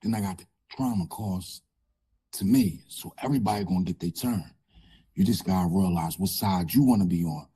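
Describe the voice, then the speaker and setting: A man with a low, husky, rasping voice that sounds worn down. He talks slowly and haltingly in a dark, mellow tone, filling gaps with small pauses as he tells his story to an interviewer. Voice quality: raspy, changed voice. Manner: halting, many fillers and pauses. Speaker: guest.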